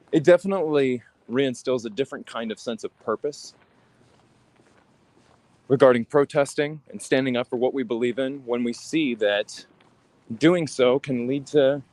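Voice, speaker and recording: Young man, halting reflective street livestream, outdoors, traffic behind. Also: medium pitch, darkish tone, no room sound. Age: 20s. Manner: reflective, halting, sighs often. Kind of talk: walking livestream talk.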